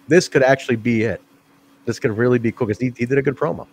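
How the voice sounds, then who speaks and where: A man co-hosting a casual wrestling review podcast, profane and quick to laugh. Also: medium pitch. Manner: profane, animated, laughs often. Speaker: podcast co-host.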